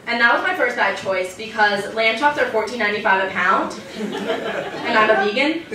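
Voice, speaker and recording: A young woman doing a stand-up comedy routine on a club stage, deadpan and self-mocking, with frequent "um" fillers. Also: on the high side, moderate pace, very noisy. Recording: echoey club recording from far off. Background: audience laughter.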